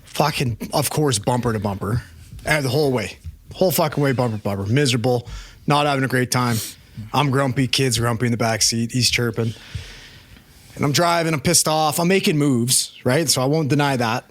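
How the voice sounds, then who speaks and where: A man co-hosting a podcast, telling a profane, animated story in casual chat. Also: mid-range voice, brisk. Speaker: podcast co-host.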